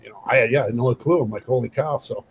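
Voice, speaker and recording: A middle-aged man, formerly a pro hockey enforcer, shares a casual story on a podcast, acting out quoted dialogue with animation. His medium-pitched voice has a breathy edge and a quick pace, captured in a muffled recording.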